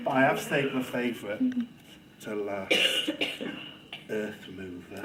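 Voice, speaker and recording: A man giving a lively, theatrical talk to a student audience on children's reading, playing for laughs. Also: fairly high pitch, very noisy. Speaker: guest speaker on children's reading. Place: lecture room with audience.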